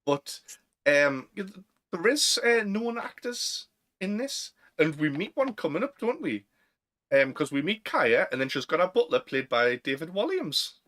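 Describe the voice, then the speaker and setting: A young man with a Northern English accent, co-hosting a casual chat, chatty and quick to laugh. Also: a little high, sing-song, a bit bright. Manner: chatty, laughs often, fillers. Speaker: podcast co-host.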